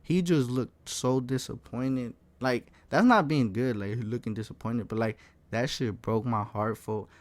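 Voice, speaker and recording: A young man in a casual storytime vlog, slangy and animated, swearing often and calling the listener folk and bro. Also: mid-range voice, unhurried, no echo. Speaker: vlogger.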